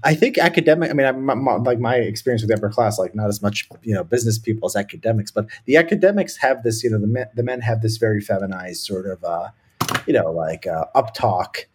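Man from the US, lowish husky voice, opinionated, casual chat, many fillers. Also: expressive, quick pace. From United States. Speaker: podcast co-host. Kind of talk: casual conversation.

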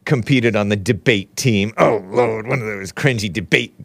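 A man's voice: fairly low pitch, moderate pace, vocal fry, a bit bright, no echo. A man hosting a live talk show, rambling and sarcastic, reading aloud and joking with his chat. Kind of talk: casual live-stream commentary.

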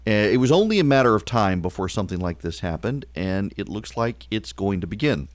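A man hosting a call-in talk radio show, sarcastic and quick, full of uh fillers. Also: lowish voice, big pitch swings, no echo.

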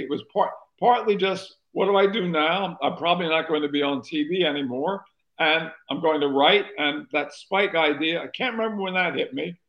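An older man with a gravelly, fairly high voice tells long, wandering stories as an interview guest. He is a former talk show host from North Carolina, and he restarts his sentences often. The sound is muffled and lo-fi. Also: fairly bright tone. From North Carolina, USA. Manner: rambling anecdotal storyteller, restarts often.

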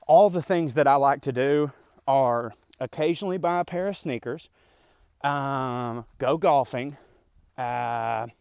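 A man's voice: mid-range voice, darkish tone, no echo, studio quality. A man hosting a podcast, ranting casually while running in a park, slightly out of breath, rambling with plenty of fillers and asides. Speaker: podcast host. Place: outdoors in a park, jogging.

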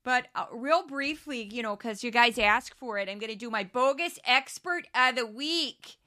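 Speaking at a moderate pace, a podcast host from St. Louis offers casual, candid commentary on news clips in her Southern-Midwestern accent. Her voice is a little high, bright and forceful, and she's chatty, laughs a lot, and drops self-aware asides.

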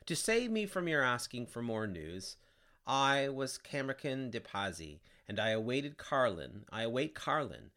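A man's voice: medium pitch, sing-song, a little slow, bright, forceful tone. A man voicing a bitter male traitor whose ears froze off, spitefully naming the other damned souls, in a dramatic poetry reading. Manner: spiteful, gossiping. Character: bitter earless male traitor soul in ice.

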